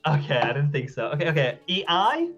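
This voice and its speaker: Lively, animated man on a dull mic. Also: fairly high pitch, fairly quick, soft background music. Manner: animated, laughs often, exclaims loudly when wrong. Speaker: community manager. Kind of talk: casual game stream chat.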